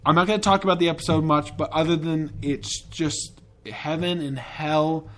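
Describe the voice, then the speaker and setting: A man's voice: on the high side, fairly even intonation, moderate pace. A man hosting a podcast in a casual, rambling and profane way, with enthusiastic tangents. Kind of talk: casual chat.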